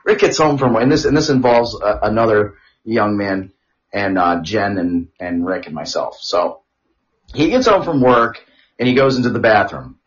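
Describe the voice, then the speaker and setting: A man co-hosting a crude casual chat podcast, rambling through stories with repeated words and loud laughs. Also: lowish voice, animated, moderate pace. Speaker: podcast co-host. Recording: dull lo-fi audio.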